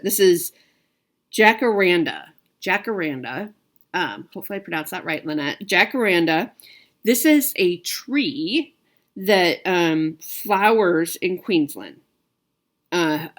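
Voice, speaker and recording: A woman with a slightly low voice chats casually to her viewers, trailing off and circling back as she goes. She fills her sentences with ums and restarts. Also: a bit bright. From United States. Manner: chatty, filler-heavy, frequent restarts. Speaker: cross-stitch video host.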